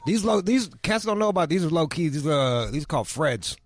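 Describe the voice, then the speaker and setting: A man's voice: a little high, animated, fairly quick, no echo. A man hosting a radio show, joking and swearing in casual banter with a guest. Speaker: radio host. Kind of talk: casual chat.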